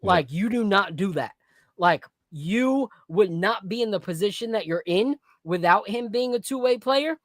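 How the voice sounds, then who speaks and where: A podcast host in casual chat about basketball and whiskey, blunt and animated, with plenty of slang. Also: mid-range voice, normal speed, no echo, studio quality.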